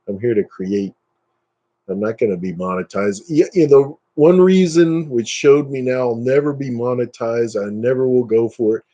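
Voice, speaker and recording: This live stream host has a warm voice, though the recording cuts off the high frequencies. He talks casually with viewers, ranting dismissively, and his pitch shoots up as he gets riled.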